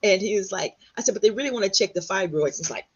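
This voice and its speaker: A middle-aged woman from Texas, a guest telling her story in an animated way, often acting out what others said. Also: mid-range voice, fast, slightly rough. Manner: animated, quotes others in lively voices. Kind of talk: storytelling in conversation. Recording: dull lo-fi sound.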